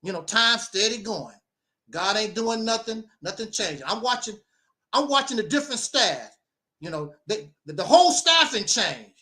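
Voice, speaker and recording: A man's voice: high voice, animated, moderate pace, bright, forceful tone. A man telling a personal story in casual conversation, rambling and repeating his phrases. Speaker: guest sharing his story.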